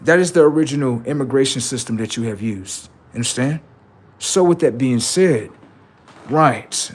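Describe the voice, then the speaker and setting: Husky-voiced man ranting on a livestream. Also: medium pitch, expressive, normal speed. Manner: profane, confrontational, taunting. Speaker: livestream host. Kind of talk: heated political rant on a livestream.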